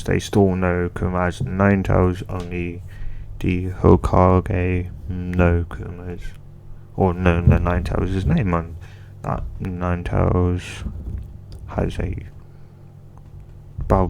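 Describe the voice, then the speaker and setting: Guy w a low gravelly voice, slow and rambly, lots of um and like, noisy background hiss. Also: level tone, darkish tone. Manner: hesitant, full of restarts and fillers. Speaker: fan video creator. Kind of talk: rambling casual commentary.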